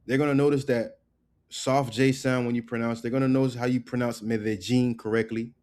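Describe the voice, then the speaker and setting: A man teaching a casual online language lesson. He drills words slowly and keeps checking in with "right?" and "okay?". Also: medium pitch, little pitch movement, darkish tone.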